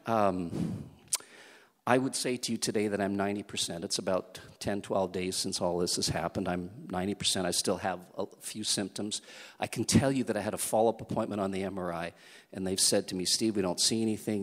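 A man's voice: on the low side, moderate pace, a faint crowd. Man, church leader giving a testimony sermon, earnest and storytelling, voice ringing in a big reverberant hall. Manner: earnest storytelling with many restarts.

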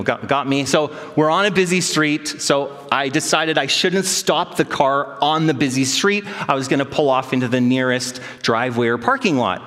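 Pastor preaching in a reverberant hall. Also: male voice, mid-range voice. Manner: storytelling, self-deprecating, animated quoted voices. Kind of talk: sermon.

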